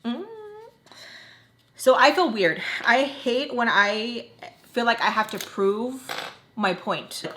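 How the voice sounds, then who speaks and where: A woman's voice: on the high side, unhurried, a bit bright. A young woman vlogger chatting casually through a storytime while doing her makeup, full of "like" and acted-out quotes. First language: English. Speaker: beauty vlogger.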